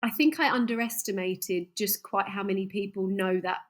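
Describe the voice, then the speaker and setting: A woman's voice: mid-range voice, moderate pace. A woman, a singer guest on a podcast, chatting casually and laughing often as she tells stories. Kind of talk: casual interview chat.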